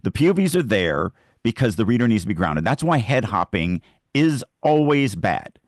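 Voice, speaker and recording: A man's voice: fairly low pitch, very animated, normal speed, no room sound, studio quality. A man co-hosting a podcast, making emphatic points about writing from the reader's point of view in a casual chat. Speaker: podcast co-host. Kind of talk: casual discussion on writing craft.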